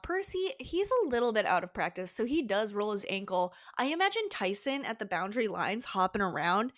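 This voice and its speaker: A woman's voice: on the high side, very animated, a little fast, few pauses, no echo, clean studio sound. A woman co-hosting a podcast, chatting casually about a book and playing out the characters' lines. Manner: conversational, plays out characters' lines. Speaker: podcast co-host. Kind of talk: casual book discussion chat.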